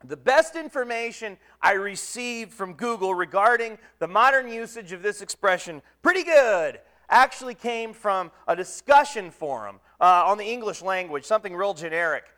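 A man's voice: sits high, animated, moderate pace, hardly any pauses, bright, forceful tone. A man preaching a conversational sermon from the pulpit, folksy and self-deprecating, with lots of ums and uhs. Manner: folksy, self-deprecating humor with many fillers.

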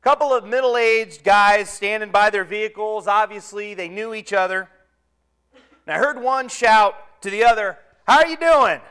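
A male preacher with a fairly high, smooth and resonant voice gives a relaxed, conversational sermon. He talks in a folksy way, pokes fun at himself and fills his pauses with ums and uhs. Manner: folksy, self-deprecating humor with many fillers.

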